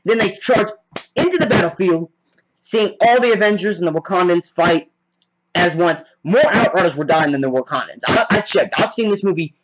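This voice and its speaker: A man excitedly recapping a film scene by scene in a casual, rambling way, full of "like". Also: high-pitched, moderate pace, highs cut off. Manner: rambling, heavy on "like" fillers; excitable fan. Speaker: movie reviewer.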